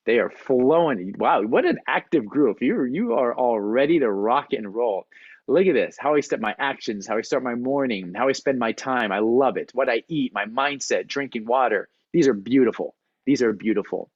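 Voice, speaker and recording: A man who is a performance coach, giving a motivational talk on a video call in an animated storytelling manner. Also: medium pitch, normal speed, breathy edge, no room sound, muffled recording. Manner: storytelling, animated, acts out quotes. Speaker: performance coach, guest speaker.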